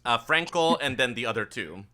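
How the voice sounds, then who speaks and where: A man's voice: mid-range voice, lively intonation, moderate pace, sharp tone. A man running a tabletop game as game master, explaining casually with lots of fillers.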